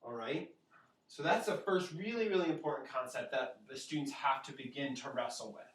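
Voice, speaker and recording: A man teaching a casual whiteboard lesson, talking informally with fillers and quick asides to his viewers. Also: mid-range voice, fairly bright tone. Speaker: Latin teacher. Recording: echoey room, far from the mic.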